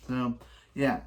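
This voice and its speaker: A man giving a casual spoken recap of a TV episode, rambling with many restarts and repeated phrases, and complaining about the ending. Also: medium pitch. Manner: exasperated complaining. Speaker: reaction video host.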